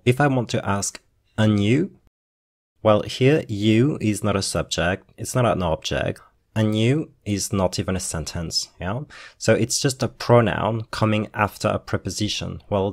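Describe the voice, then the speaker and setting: A man's voice: fairly low pitch, moderate pace. A man teaching a podcast lesson, reading sentences and then translating and explaining them in English. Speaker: French teacher. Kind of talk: slow explanatory language lesson.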